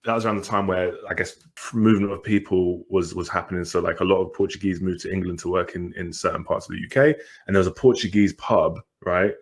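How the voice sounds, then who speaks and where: Male podcast co-host, low-pitched, earnest, lays out a case step by step. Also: fairly even intonation, fast talker, hardly any pauses. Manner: earnest, builds points with "right?" checks. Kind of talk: casual conversational discussion.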